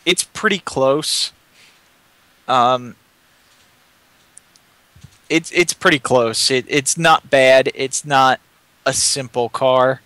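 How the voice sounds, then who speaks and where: A man co-hosting a podcast in easy, casual chat, talking in a mid-range voice. He speaks at a measured pace and pauses to hedge now and then. The sound is dry and close to the mic. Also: medium pitch, steady tone, bright, forceful tone, clear, resonant tone, no room sound. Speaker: podcast co-host.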